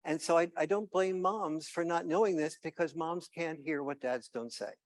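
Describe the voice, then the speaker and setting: A man's voice: on the high side, normal speed. A man giving a conference keynote, telling anecdotes with hesitant fillers and restarts. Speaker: keynote speaker.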